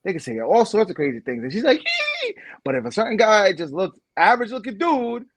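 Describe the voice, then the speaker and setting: A man's voice: sits high, very animated, fast, gravelly, dry recording. A man co-hosting a podcast, ranting in a casual debate and laughing often. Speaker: podcast co-host.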